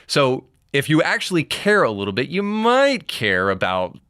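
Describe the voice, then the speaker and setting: A man's voice: medium pitch, wildly swooping pitch, moderate pace, a bit bright, clean tone, no room sound, clean studio sound. A man hosting a commentary show, reading an article aloud and adding blunt, moralizing remarks with sarcastic asides.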